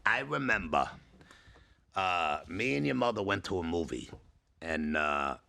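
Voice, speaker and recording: A man's voice: sits low, expressive, a little slow, gravelly, bright, forceful tone. A middle-aged man, a father co-hosting a podcast, telling rambling, profane stories in casual chat.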